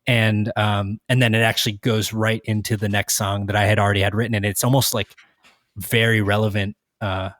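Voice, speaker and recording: A man's voice: lowish voice, flat delivery, a little fast, a bit bright, dry recording, clean studio sound. A man hosting a podcast in casual chat, rambling with many restarts and fillers. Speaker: podcast host.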